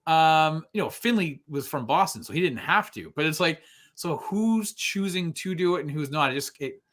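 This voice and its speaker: Chatty guy on a podcast, bright forceful voice, laughs a lot, rambles a bit. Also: a little high, expressive, normal speed. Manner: chatty, laughs often, trailing asides. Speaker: podcast co-host. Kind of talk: casual chat.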